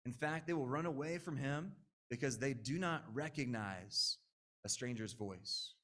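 A man's voice: mid-range voice, unhurried, a bit bright. A man in his late twenties preaching a sermon in a conversational, earnest way, with frequent asides to the audience. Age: 20s.

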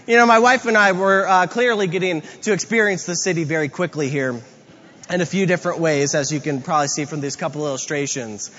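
A male pastor giving a sermon, telling stories with lively acted-out asides. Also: very high voice, a little fast. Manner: storytelling with animated quoted asides. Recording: reverberant hall, dull lo-fi sound.

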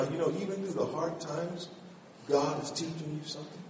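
A middle-aged man preaching a sermon in a church, animated, swinging between shouts and quiet asides. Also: a little high, moderate pace, a little hiss or hum. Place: church sanctuary. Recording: echoey hall, mic at a distance.

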